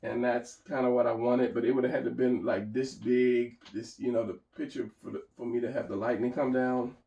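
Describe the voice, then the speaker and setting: Rambling man with a gravelly voice. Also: medium pitch, little pitch movement, brisk, mellow, reverberant, distant mic, highs cut off. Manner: rambling, thinking aloud. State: tired, hiccuping and yawning. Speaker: artist narrating a drawing session. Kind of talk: casual drawing commentary.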